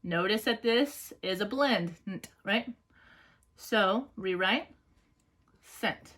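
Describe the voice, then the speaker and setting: A woman teacher leads an online phonics and dictation lesson at a notably slow, unhurried pace. Her pitch sits in an ordinary middle range. She stretches out each word and checks in with "right?" and "okay?". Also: expressive, a bit bright.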